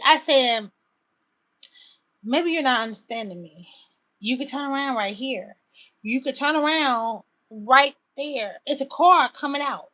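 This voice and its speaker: Animated, bright-voiced woman storyteller. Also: high voice. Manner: animated, exasperated retelling with quoted dialogue. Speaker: livestreamer. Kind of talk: casual storytelling to viewers.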